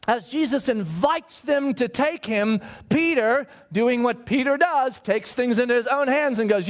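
A male pastor preaching a sermon, telling the story with animated asides and acted-out voices. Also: extremely high pitch, moderate pace, hardly any pauses.

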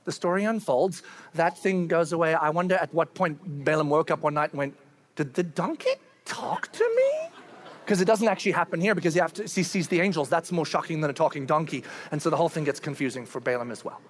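A man preaching a sermon, telling a scripture story in a conversational, animated way and asking the listeners questions. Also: on the high side, quick pace. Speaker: pastor.

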